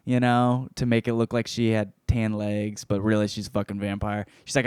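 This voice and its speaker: A man's voice: on the low side, monotone, normal speed, hardly any pauses, darkish tone, clean tone, no room sound. Male host, loose profane comic book-review delivery, dry close sound. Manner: profane, rambling.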